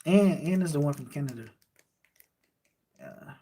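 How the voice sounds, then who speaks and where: A man's voice: on the high side, expressive, a little slow, warm tone. A man with a Miami accent, casually chatting on a late-night livestream and answering viewer comments in a laid-back, rambling way. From Miami, Florida. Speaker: livestream host reading chat.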